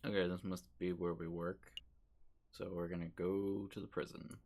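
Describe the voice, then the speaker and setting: Casual low-voiced man streaming a game. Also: flat delivery, moderate pace, vocal fry, darkish tone. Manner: casual, musing, chatty. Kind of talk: gaming stream commentary.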